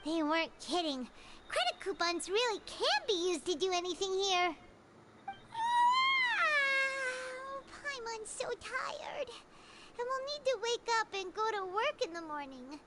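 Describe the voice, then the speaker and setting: Tiny fairy sidekick, super high squeaky voice, all over the place, noisy game sound. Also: female voice, sing-song, takes it slowly, full character voice. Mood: sleepy. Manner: bubbly, talks about herself in third person. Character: tiny chirpy floating female fairy-like companion. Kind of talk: video game dialogue.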